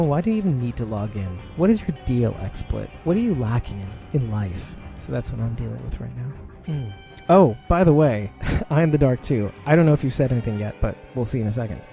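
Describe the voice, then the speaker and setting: A man's voice: mid-range voice, warm tone. A man from Brooklyn, hosting a podcast in a rambling, casual live-stream chat full of fillers and laughs. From Brooklyn, New York. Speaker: podcast host.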